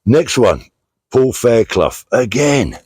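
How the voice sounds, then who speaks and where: A man's voice: mid-range voice, very animated, slow, darkish tone, husky, no echo. A middle-aged British man hosting a casual vlog outdoors, chatting plainly and reading out thank-yous to donors, with many fillers. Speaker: vlog host, charity walker. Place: outdoors on a country walk.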